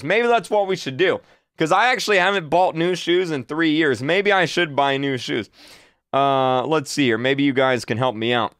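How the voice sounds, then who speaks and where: Excitable young man reacting loudly. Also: dry recording, studio quality. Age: 20s. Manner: excitable, repeats himself, bursts into high shouts. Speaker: reaction video host. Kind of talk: casual reaction commentary.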